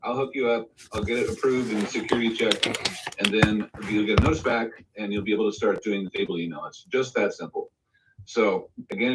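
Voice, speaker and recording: The man's voice sits on the lower side as he tells a studio anecdote on a live video call, bringing the quotes to life with animated acting. He's far from the mic, with a noisy background behind this casual stream storytelling.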